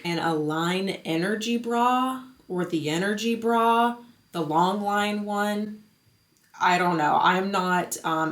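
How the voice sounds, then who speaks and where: Young woman, 20s, chatty lifestyle vlogger, slightly low voice, roomy gym echo. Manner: chatty, bubbly, lots of "like" and "um". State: out of breath. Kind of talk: casual vlog chat.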